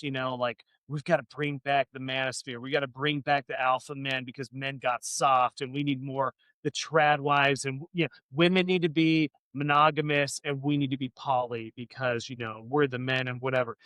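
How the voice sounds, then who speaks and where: A man's voice: mid-range voice, fairly bright tone, clear, resonant tone, dry recording. A man co-hosting a casual podcast chat, rambling, swearing a lot and getting fired up. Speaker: podcast co-host.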